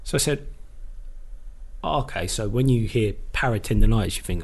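A man's voice: fairly low pitch, lively intonation, moderate pace, breathy edge. A middle-aged man, a former footballer, casually telling a long story on a podcast, swearing freely and acting out what others said to him. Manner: swears freely, retells with quoted dialogue.

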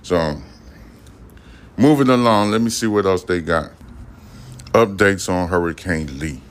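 A man with a deep, low-pitched voice hosts a casual news podcast. He reads headlines aloud, then wanders off into rambling, profane asides, talking straight to his listeners. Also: a little slow.

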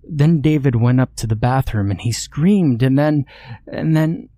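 A man's voice: mid-range voice, unhurried, dark tone, dry recording, clean studio sound, voice pushed up, close to an everyday voice. A man voicing a tearful, exhausted young woman. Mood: distraught. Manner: tearful, shaky, breaking off mid-sentence. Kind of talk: horror story narration.

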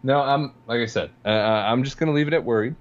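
A man's voice: mid-range voice, fast talker. Dry, sarcastic podcast man, lo-fi sound. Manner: dry, sarcastic, laughs while talking. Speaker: podcast co-host. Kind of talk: casual sports podcast chat.

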